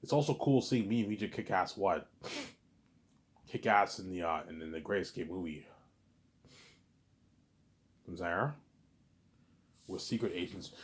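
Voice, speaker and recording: The host of a listening series rambles excitedly in a low-ish voice during a casual monologue. He keeps stumbling, repeating words and restarting, and says "you know what I'm saying" a lot.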